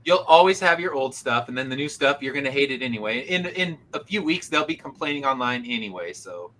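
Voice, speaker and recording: A man's voice: medium pitch, animated, a little fast, a bit bright, a little hiss or hum, rough recording. A man hosting a comic talk show in casual chat, grumbling wryly. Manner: wry, grumbling. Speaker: podcast host.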